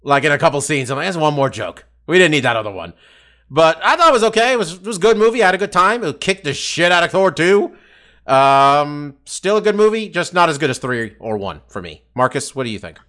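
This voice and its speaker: A man chatting casually on a podcast, talking in an animated way and swearing freely. His voice sits a little high and sounds bright. His pitch moves around a lot, rising and falling constantly. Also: fairly quick. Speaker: podcast co-host. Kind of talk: casual chat.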